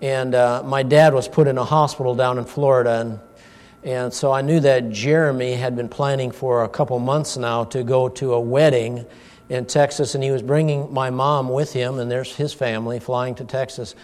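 A man's voice: medium pitch, moderate pace. Folksy man preaching in a reverberant hall. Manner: folksy, animated storytelling with chuckles. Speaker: pastor. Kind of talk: informal sermon with personal story. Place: church hall. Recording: long church-hall reverb.

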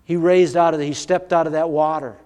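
Man, high voice, preaching, earnest storyteller, long hall echo. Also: steady tone, fairly quick, darkish tone. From United States. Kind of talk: sermon with personal storytelling.

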